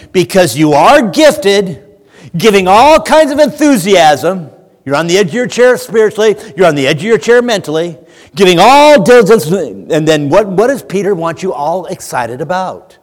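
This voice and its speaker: Animated preacher man in a church hall. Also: on the high side. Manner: animated, shouts when acting out a fan. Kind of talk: lively sermon. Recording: church hall with long reverb.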